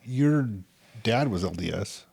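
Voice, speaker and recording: A man's voice: mid-range voice, expressive, unhurried, vocal fry, a little mellow, husky. A man hosting an interview, adding short sympathetic remarks and clarifying questions. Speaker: host. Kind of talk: interview listening.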